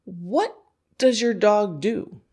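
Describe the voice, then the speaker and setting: A woman's voice: medium pitch, slow pace, warm tone, slightly rough. Chatty woman teaching dog training. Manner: laughs often, acts out a dog's thoughts in quoted voices; conversational, thinks aloud with "you know" and "like". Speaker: dog scent work instructor and podcast host. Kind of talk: casual instructional podcast talk.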